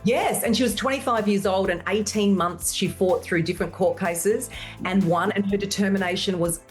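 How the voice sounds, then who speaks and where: An Australian actress chatting as an interview guest, animated and talkative, with emphatic asides. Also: female voice, medium pitch, normal speed, soft background music. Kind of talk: casual interview chat.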